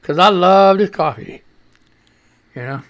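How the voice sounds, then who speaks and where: A gravelly-voiced man hosts a live radio show, a little out of breath. His talk swings high and low with lively energy, loud, profane and full of rambling asides. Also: unhurried, lo-fi sound.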